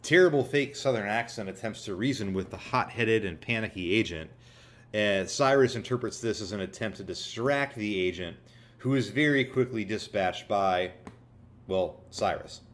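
A man's voice: lowish voice, normal speed. Sarcastic man reviewing a movie. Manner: sarcastic, irreverent, laughs at his own jokes. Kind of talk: comedic movie review narration.

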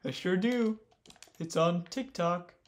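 A young man hosting a casual gaming chat, goofy and joking with quick comebacks. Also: sits high. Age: young adult. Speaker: gaming channel host.

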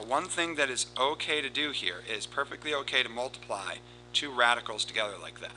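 A man teaching a recorded math lesson, explaining steps in a steady, explanatory way and reciting formulas in a rhythmic cadence. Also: medium pitch, a little hiss or hum, low-quality recording. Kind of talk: recorded lesson with board work.

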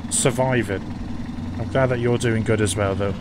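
A man's voice: lowish voice, fairly even intonation, moderate pace, noisy background. A man hosting a live stream, chatting casually and thanking viewers by name. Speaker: livestream host.

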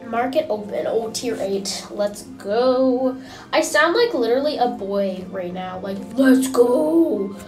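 Excitable young woman gaming vlogger. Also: fairly high pitch, measured pace, recorded from a distance. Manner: excitable, gushing, chatty. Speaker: gaming channel host. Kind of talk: casual gameplay commentary. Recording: echoey room, mic set back, music behind.

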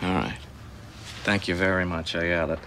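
An actor playing a gruff mobster in a film clip, giving short, clipped replies. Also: male voice, deep voice, level tone, moderate pace, bright, forceful tone, slight background noise. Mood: curt.

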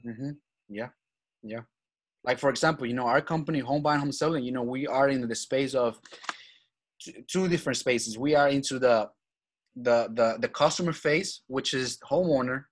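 An energetic man speaks in a husky, slightly raspy voice at an ordinary pitch. He talks casually as an interview guest, hammering his points home with repetition and tag questions like "right?". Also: normal speed. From Venezuela. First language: Spanish. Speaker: guest, real estate acquisitions manager.

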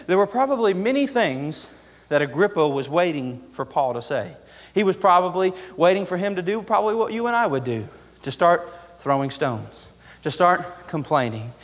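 High-voiced fervent young preacher, echoey church. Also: male voice, fairly bright tone. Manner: fervent, repetitive preaching cadence. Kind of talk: sermon. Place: church sanctuary. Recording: echoey church hall reverb.

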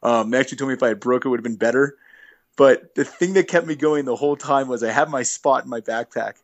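A middle-aged man tells hiking stories in a loose, rambling manner with lots of fillers. His voice sits at an ordinary middle pitch and sounds like a casual podcast guest. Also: fast talker, highs cut off. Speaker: guest, thru-hiker. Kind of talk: casual storytelling interview.

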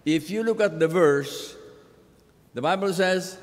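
A man's voice: on the high side, takes it slowly, in a large hall. A man with a Filipino accent preaching a sermon, emphatic and putting questions to his congregation for responses. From Philippines. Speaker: pastor. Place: church sanctuary.

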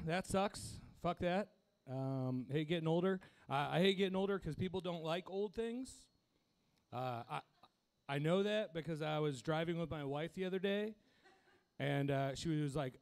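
Crude, self-mocking young stand-up comic. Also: male voice, fairly high pitch, measured pace, pauses often. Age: young adult. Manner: crude, self-deprecating, laughs at his own jokes. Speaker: stand-up comedian. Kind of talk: stand-up set.

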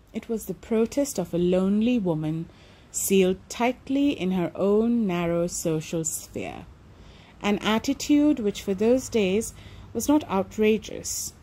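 A woman narrating an audiobook, calm and measured, first reflecting thoughtfully and then reading the story. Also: mid-range voice. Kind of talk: reflective commentary and book reading.

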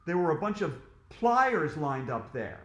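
A man's voice: fairly high pitch, a little slow, reverberant. Man reading a storybook aloud. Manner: animated, expressive reading. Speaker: author reading to children.

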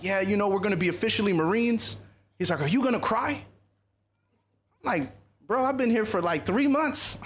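A man speaking at a youth conference, telling a personal story in a lively, animated sermon style. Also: high-pitched. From USA.

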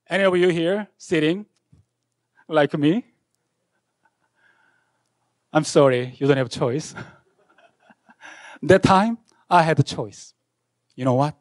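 Man, pastor, high voice, dramatic sermon, dry close sound. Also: unhurried, pauses often, dry recording. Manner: dramatic, swinging from loud outbursts to hushed lines. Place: university chapel.

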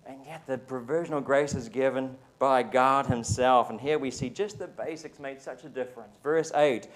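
Preaching at a church service, this New Zealand-accented pastor talks with the congregation chattily, frequently tossing out "right?" to check in with them. He speaks at normal speed in a medium-pitched voice.

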